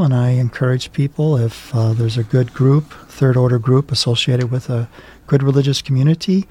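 A man co-hosting a religious talk show, speaking in a gentle, reflective way. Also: medium pitch.

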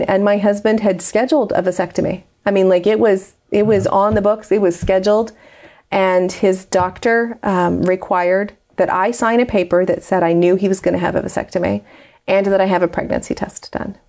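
Woman guest, mid-pitched, earnest and heartfelt, personal story told with many ums. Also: darkish tone. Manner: earnest, heartfelt, with frequent fillers. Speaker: interview guest.

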